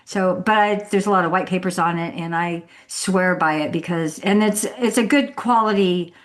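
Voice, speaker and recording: A woman's voice: on the low side, normal speed. A woman hosting a podcast from home, chatting casually and telling a story, acting out the people she quotes and laughing often. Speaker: podcast host.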